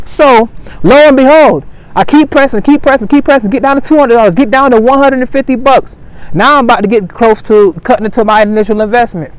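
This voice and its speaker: A man candidly telling the story of his gambling addiction, animated and emphatic, repeating phrases for effect in loose conversational speech. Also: extremely high pitch, quick pace, poor audio. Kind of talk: candid personal storytelling to camera.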